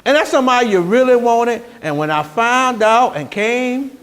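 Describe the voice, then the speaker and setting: A man preaching a sermon as pastor, telling stories with growing energy and sometimes shouting. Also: extremely high pitch, moderate pace. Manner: animated storytelling, rising to shouts.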